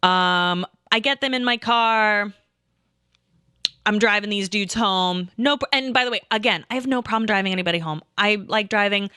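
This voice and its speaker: A woman's voice: medium pitch, moderate pace, bright, forceful tone, clean tone, no echo, studio quality. A woman streamer telling a casual, rambling story, full of asides and swearing. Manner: rambling, profane, with lots of asides.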